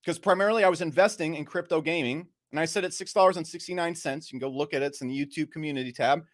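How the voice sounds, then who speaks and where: Man in a played clip, fast and fairly high, casual crypto commentary, defensive.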